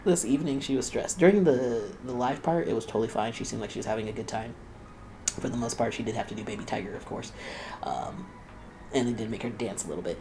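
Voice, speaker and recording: A man's voice: medium pitch, quick pace, vocal fry, noisy background. A young man hosting a reaction video, chatting casually and laughing often as he quotes the people he watches.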